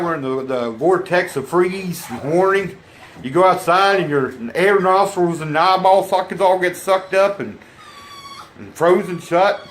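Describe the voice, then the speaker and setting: A man's voice: fairly high pitch, a bit bright, slight background noise. A man vlogging casually from home, rambling chattily and cooing at his dogs. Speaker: vlogger and homesteader. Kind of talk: casual chat to camera. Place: home indoors.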